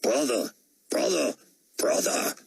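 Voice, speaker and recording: A man's voice: fairly low pitch, big pitch swings, vocal fry, slightly rough, dry recording, voice pushed up, full character voice. A man voicing an eager, burly German man with a thick German accent, firing off questions. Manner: eager, gushing, rapid questions.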